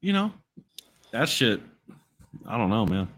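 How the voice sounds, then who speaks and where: A man's voice: lowish voice, big pitch swings, unhurried, fairly bright tone, breathy edge. A man hosting a casual podcast chat, telling crude anecdotes with bursts of laughter. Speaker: podcast host.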